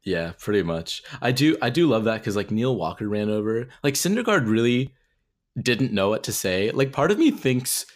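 A man's voice: on the low side, very animated, moderate pace. A man co-hosting a casual sports podcast, talking in a loose, rambling way full of "like.". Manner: rambling with many "like" fillers. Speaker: podcast co-host.

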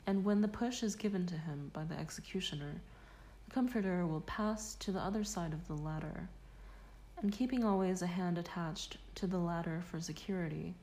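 A woman narrating a scholarly nonfiction audiobook in a measured, deliberate manner. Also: on the low side, mellow, slight background noise, rough recording. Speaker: audiobook reader.

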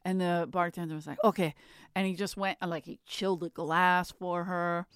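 Woman host, low voice, smooth and clear, chatty storyteller, dry studio sound. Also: flat delivery, moderate pace, no echo. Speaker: podcast host. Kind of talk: casual podcast chat.

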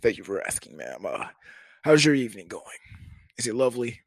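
A man putting on an exaggeratedly deep, formal and polite voice as a young suitor trying to impress. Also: big pitch swings, a little fast, creaky, dry recording. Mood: stiffly polite. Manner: stiff, exaggeratedly proper and courteous.

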